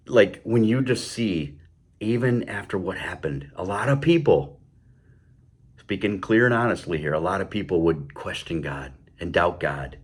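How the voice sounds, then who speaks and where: A man with a low-pitched, breathy voice hosts his own show and gives a heated political commentary monologue. He stumbles over repeated words and adds sarcastic, mocking asides.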